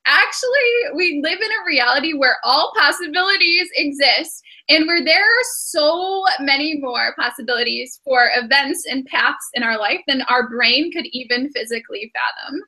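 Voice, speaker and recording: High, bright giggly woman reader. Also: moderate pace, hardly any pauses. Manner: giggly, chatty, many fillers. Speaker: tarot and astrology reader. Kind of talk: casual spiritual reading.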